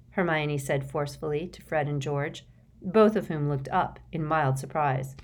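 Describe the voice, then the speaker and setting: A woman narrating an audiobook with expressive, measured storytelling. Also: sits low.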